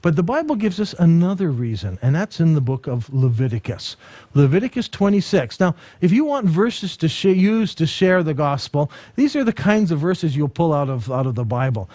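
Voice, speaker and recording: Man, ministry teacher; animated storyteller with a high, swooping voice and a dry, close sound. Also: moderate pace, dry recording. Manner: animated storytelling, acts out dialogue; frequent restarts and repeated words. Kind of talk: ministry school lesson with personal stories.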